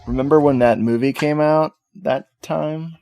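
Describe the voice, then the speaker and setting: A man hosting a podcast in casual chat, joking and relaxed. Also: on the high side, unhurried, soft background music. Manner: joking, laid-back, laughs often. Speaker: podcast host.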